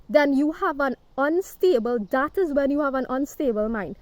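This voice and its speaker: A woman giving a forceful, preachy monologue to camera, swearing and ending nearly every sentence with a questioning "right?". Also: high-pitched, no echo. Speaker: spiritual self-help speaker.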